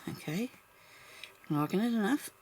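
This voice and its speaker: A woman's voice: mid-range voice, animated, a little slow, darkish tone, a little hiss or hum. A woman vlogging as she crafts, chatting casually and thinking aloud, laughing often at herself.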